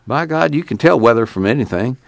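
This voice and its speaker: A man's voice: mid-range voice, expressive, a little fast, creaky, dry recording, studio quality, voice pushed up. A man voicing a wary young man hiding from police, speaking in wry rural dialect.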